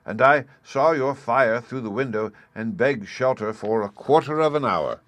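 A man putting on a little old magical gentleman. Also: mid-range voice, moderate pace, dry recording, voice pushed up, close to an everyday voice. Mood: pleading. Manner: humble pleading, then coolly ironic. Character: tiny old magical man with long grey hair.

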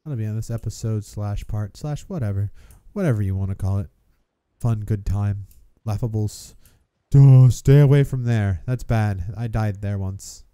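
A man's voice: fairly low pitch, normal speed, mellow, no room sound, studio quality. A man casually commenting on his own gameplay, playful and chuckling as he goes. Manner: playful, chuckling, self-narrating. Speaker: gamer, video host.

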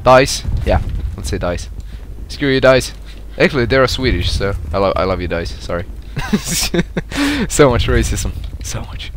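A young man giving live commentary over a shooter game, excitable and foul-mouthed, laughing at his own blunders. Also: moderate pace, slight background noise. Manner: excitable, swears a lot, laughs at himself, swings from loud yelps to low mutters. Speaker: gameplay commentator.

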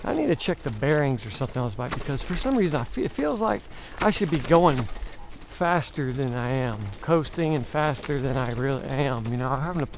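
Out on a bicycle, a Southern man with a mild accent vlogs his travels, rambling chattily to the camera and cracking jokes at his own expense. His medium-pitched voice is animated and brisk, with a little hiss or hum.

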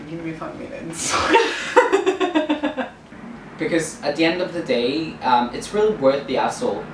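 A man's voice: fairly high pitch, unhurried. A man with an Italian accent, a guest in a casual interview who giggles and restarts his lines. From Italy. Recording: echoey room, distant mic, faint noise.

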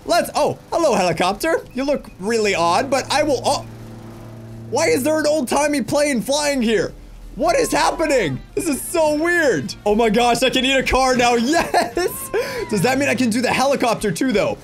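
A young man commentates on a game with excitable, joking energy, chatting straight to his viewers. His voice sits high and leaps up and down constantly. Light music plays faintly underneath. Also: normal speed. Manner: excitable, jokey, addresses viewers as guys. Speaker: gaming YouTuber. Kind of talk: energetic let's-play commentary.

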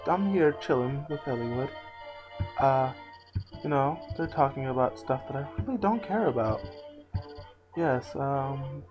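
A man's voice: a little high, poor audio. A man hosting a let's play, giving casual, sarcastic gameplay commentary and swearing freely.

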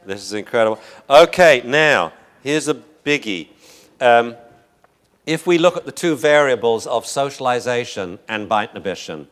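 Speaking at a normal speed in a mid-range, fairly bright voice with lively intonation, a man delivers a dog behavior lecture packed with anecdotes. He's a jokey, rambling storyteller who laughs often and plays to the room.

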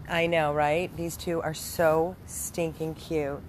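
Brief: woman rescue volunteer, low-pitched and gushing, affectionate casual talk, recorded outdoors with clear background noise. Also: flat delivery, slow pace, hardly any pauses, darkish tone. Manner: gushing, affectionate, switches into high baby talk for the dogs. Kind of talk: casual video narration with pet talk.

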